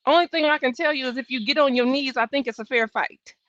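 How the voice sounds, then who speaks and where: A woman's voice: sits high, quick pace, a bit bright, no echo. A woman in her thirties hosting a live trial-watch stream, giving blunt, sassy, profane casual commentary. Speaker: livestream trial-watch host. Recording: dull, dry home stream audio.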